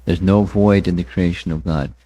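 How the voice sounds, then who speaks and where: A man teaching a scriptural class, speaking deliberately, often repeating words and chanting verses with his listeners. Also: deep voice, steady tone, dark tone, no room sound. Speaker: spiritual teacher. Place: temple hall.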